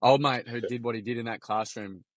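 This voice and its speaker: A man's voice: mid-range voice, steady tone, brisk, no room sound. An Australian man, a podcast guest, telling stories in a frank, earnest way with casual swearing. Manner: frank, earnest, salty storyteller. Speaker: podcast guest, youth workshop founder. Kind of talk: casual storytelling.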